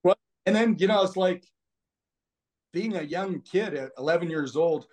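Rambling, animated man telling stories. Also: high voice, moderate pace. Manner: rambling, animated storyteller with many fillers. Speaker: podcast guest. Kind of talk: casual storytelling conversation.

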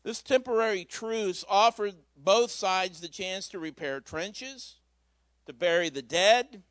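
A man's voice: sits high, slow, a bit bright, no room sound. A man preaching a Christmas Eve sermon in a church, telling a story in a folksy, conversational way with asides. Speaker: pastor.

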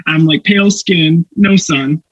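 A man's voice: on the high side, unhurried, dry recording, lo-fi sound. A young man from Canada, an actor guest, telling anecdotes animatedly with laughs and put-on voices. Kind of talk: casual storytelling interview.

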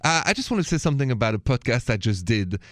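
A French-accented man hosting a call-in radio show in a dry, close studio sound. His pitch sits mid-range for a man, and he talks in a playful way, sprinkling in French greetings as he speaks. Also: sing-song, quick pace, dry recording. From Paris. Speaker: radio host.

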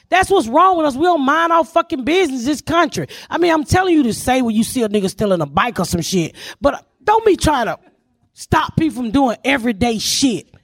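A woman from the American South who hosts a comedy podcast, telling loud, profane stories on a live stage. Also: high-pitched, no room sound, studio quality. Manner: loud, profane, animated storytelling. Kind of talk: live stand-up storytelling.

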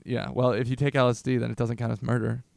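A man's voice: mid-range voice, little pitch movement, fast talker, vocal fry, a little mellow, no room sound. An American man co-hosting a casual comedy podcast, joking with a friend and stumbling over his words. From United States. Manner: joking, stammering restarts. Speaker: podcast co-host.

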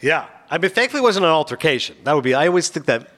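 A male podcast host telling a casual anecdote at a brisk clip. His pitch leaps around as he mimics the people in the story, sitting a little higher than most men's. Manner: animated, acts out voices in anecdotes.

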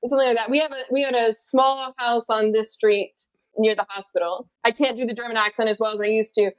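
A woman, an actor guest in a casual interview, talking in a chatty way with restarts and quick laughs. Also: on the high side, fairly even intonation, clear, resonant tone, dry recording, low-quality recording. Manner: chatty, many restarts and likes, laughs easily.

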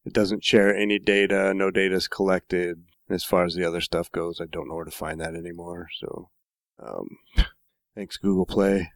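A man chatting casually as a co-host, relaxed and dropping wry remarks. His voice sits low. The sound is dry, with no room echo. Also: normal speed. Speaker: podcast co-host. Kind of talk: casual chat.

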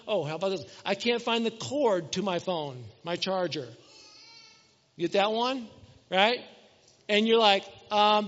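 A man's voice: sits high, fairly quick, a bit bright. A middle-aged male pastor preaching a conversational sermon, asking the congregation questions and acting out everyday scenes. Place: church hall. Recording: dull sound with long hall reverb.

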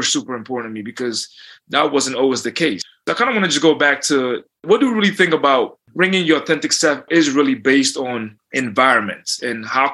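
A man's voice: mid-range voice, sharp tone. A man moderating a panel discussion, who reflects on his own experience and then poses a question.

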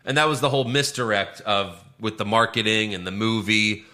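Animated ranting man, bright voice. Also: fairly quick. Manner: animated ranting, swears, voice jumps high when outraged. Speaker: podcast co-host. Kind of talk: casual movie review chat.

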